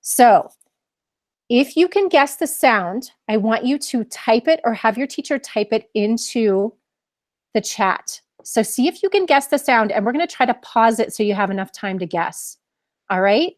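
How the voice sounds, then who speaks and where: A woman's voice: fairly high pitch, animated, a little slow, dry recording, clean studio sound. A woman leading a live online mindfulness lesson for children, encouraging them and asking many questions. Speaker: mindfulness teacher.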